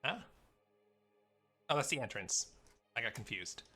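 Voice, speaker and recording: A man's voice: medium pitch, sing-song, unhurried, bright, forceful tone, breathy edge, soft background music. An American man live-streaming a game, chatting with viewers in a rambling, easygoing way and muttering asides as he plays. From United States. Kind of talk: casual live game stream, answering chat.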